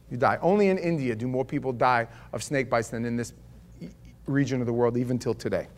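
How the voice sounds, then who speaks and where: A man with a high voice, preaching a sermon with strong emphasis. He swings from forceful, raised declarations down to hushed, low asides. He puts rhetorical questions straight to his listeners.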